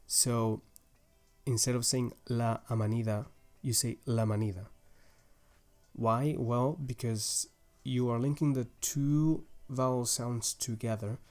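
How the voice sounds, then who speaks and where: A man's voice: mid-range voice, steady tone, slow, faint music behind. A young man patiently explaining grammar rules step by step in a language lesson, with small restarts as he goes. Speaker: language teacher.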